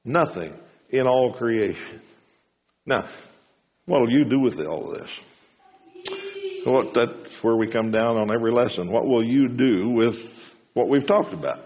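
A man preaching a sermon in a folksy storytelling way, his voice rising high when he quotes people. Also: expressive, a little slow, pauses often, darkish tone. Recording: dull lo-fi sound in a reverberant hall.

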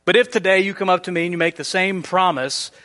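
A man preaching a sermon in a church, explaining scripture and acting out everyday scenes in a lively way. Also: high voice, fast, big-room sound. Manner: animated, acts out everyday scenarios. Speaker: pastor. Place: church sanctuary.

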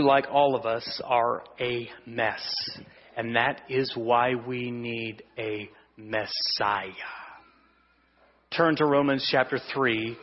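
Husky guy preaching, pretty high voice, goes loud then drops to a hush. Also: long reverb tail, lo-fi sound. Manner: swings between loud emphasis and hushed, drawn-out lines; asks the congregation for responses. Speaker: pastor. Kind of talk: sermon. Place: church sanctuary.

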